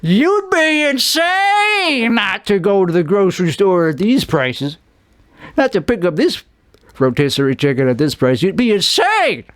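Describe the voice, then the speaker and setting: A man doing a shouting commercial pitchman. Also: very animated, unhurried, smooth, dry recording, studio quality, full character voice. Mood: hard-selling. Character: loud male TV commercial pitchman.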